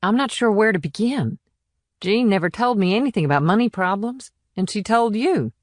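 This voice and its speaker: A woman's voice: mid-range voice, expressive, normal speed, no echo, clean studio sound, natural voice. A woman voicing a blunt, plainspoken small-town police officer in an audiobook. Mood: rattled. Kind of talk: audiobook character reading.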